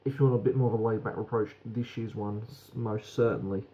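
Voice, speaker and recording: A man's voice: fairly low pitch, steady tone, fairly quick, dark tone, dull audio. A British man giving a frank, rambling beer review that swears casually.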